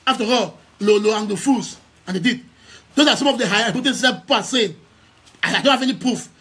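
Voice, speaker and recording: This young man's high-pitched, husky voice has a sharp tone, and he talks fast. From Southern Cameroons and speaking English with a Cameroonian accent, he is an activist and news outlet head addressing live-stream followers, emphatic throughout, repeating key phrases and stammering into many restarts.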